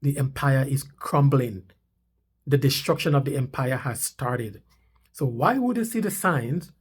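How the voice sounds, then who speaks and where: A man's voice: mid-range voice, a little slow, husky. A man hosting a commentary channel, talking insistently and repeating his points with rising emphasis. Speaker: channel host. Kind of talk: commentary on news clips. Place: Canada.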